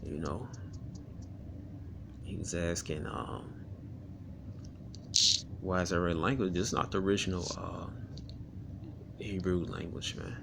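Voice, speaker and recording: Gravelly deep-voiced man teaching scripture. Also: steady tone, slow pace, long pauses, noisy background. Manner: casual, rambling, frequent "man, all right?" fillers; reads verses aloud then explains. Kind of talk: casual scripture study talk.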